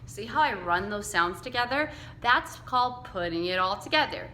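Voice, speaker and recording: A woman teaching a phonics lesson to young children, slowly and patiently sounding out letters and word chunks for them to repeat. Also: medium pitch, lively intonation, bright, forceful tone, roomy sound, a little hiss or hum. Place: classroom with whiteboard.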